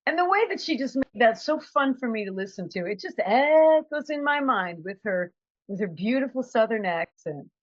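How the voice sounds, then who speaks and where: A woman's voice: on the high side, expressive, moderate pace, no echo, highs cut off. A woman giving a conversational, reflective motivational talk as a trainer. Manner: conversational, reflective, acts out quotes.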